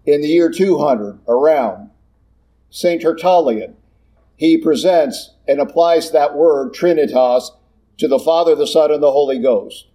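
Husky animated man preaching. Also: mid-range voice. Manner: animated, rhetorical questions, emphatic repetition. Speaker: Catholic teacher. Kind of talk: sermon.

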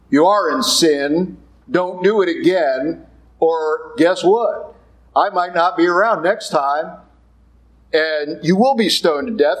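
A man's voice: on the high side, takes it slowly, poor audio. A man, a Catholic priest, giving a conversational sermon with blunt asides, now and then acting out the voices he quotes.

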